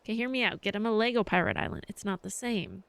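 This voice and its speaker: Chatty swearing woman streamer, smooth voice. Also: medium pitch, fast, dry recording. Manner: rambling, swears freely, animated storytelling. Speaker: live stream host. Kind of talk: casual chat.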